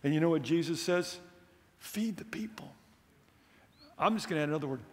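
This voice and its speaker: A male preacher gives a missions conference sermon, his slightly high voice climbing on questions and numbered points. He mixes in humorous asides. The sound carries a long reverb from the church hall. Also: steady tone, rapid-fire. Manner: emphatic, rising on questions and lists.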